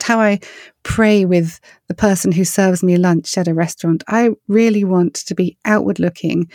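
A middle-aged English woman speaks in an earnest, storytelling way, her pitch sitting mid-range for a woman. The sound is close and dry, with no room around it. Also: no room sound. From England. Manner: earnest, storytelling, animated when quoting others. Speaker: worship singer and author. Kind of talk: interview answers.

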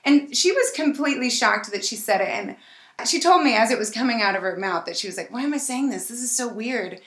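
A woman podcast host telling a personal story in an animated, excited way. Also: fairly high pitch, a little fast, roomy sound. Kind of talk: casual storytelling chat.

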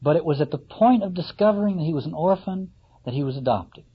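Husky, musing male lecturer. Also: fairly high pitch, expressive. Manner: musing, with halting restarts and rhetorical questions. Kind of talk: reflective lecture on a novel. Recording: slightly muffled lo-fi recording.

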